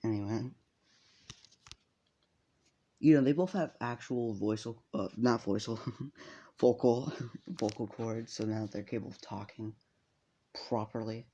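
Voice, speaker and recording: A man's voice: on the low side, slow pace, long pauses, warm tone, lo-fi sound. A man casually telling a fan story, rambling with lots of fillers and swearing.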